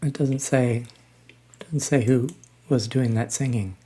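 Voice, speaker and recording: An older man in his sixties talks slowly and haltingly, pausing on ums and starting over as he reacts to music. His voice sits at an ordinary middle pitch for a man. He sounds relaxed and conversational, as if chatting to his viewers. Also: husky. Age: 60s. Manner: halting and unhurried, frequent ums and restarts. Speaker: reaction channel host. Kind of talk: casual music reaction commentary.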